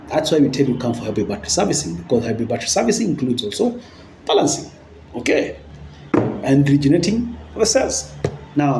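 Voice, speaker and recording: Mellow-voiced guy walking you through battery cells in an echoey shop, keeps asking "okay?". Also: mid-range voice, slight background noise. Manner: talks to viewers and checks in with frequent "okay?". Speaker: hybrid battery technician. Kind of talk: hands-on explanatory demonstration.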